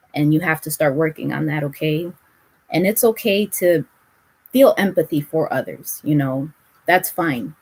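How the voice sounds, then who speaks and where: A tarot reader with a low, darkish voice gives her viewers a casual spiritual reading. She is blunt and direct, swearing freely as she dispenses advice.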